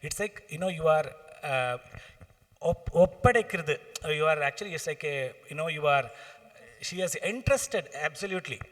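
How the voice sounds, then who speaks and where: A man with a Tamil accent answering questions on a panel, halting with many fillers and restarts, sometimes chanting Sanskrit verses. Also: on the high side, animated, fairly bright tone. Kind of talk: explanatory Q and A talk. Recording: long reverb of a hall.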